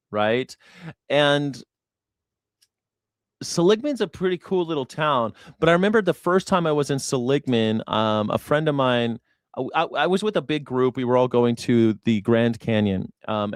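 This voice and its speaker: A man's voice: medium pitch, dry recording, studio quality. Rambling, profane man hosting a show. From United States. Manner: profane, rambling, laughs often. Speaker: host. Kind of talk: casual rambling commentary.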